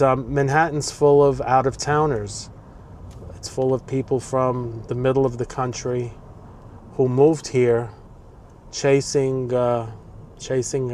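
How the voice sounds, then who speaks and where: A man's voice: medium pitch, a little mellow, slight background noise. A man in his sixties talking casually and wistfully to the camera from his car, rambling with fillers and repeats. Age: 60s. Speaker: vlogger. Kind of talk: casual reflective talk to camera.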